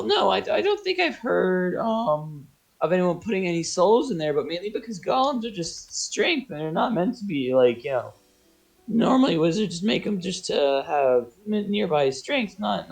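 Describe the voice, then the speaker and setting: A man voicing an anxious male gnome wizard, high-pitched with voice cracks, rambling and apologetic, in a streamed tabletop game. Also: very animated, normal speed, gravelly, exaggerated voice. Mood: flustered.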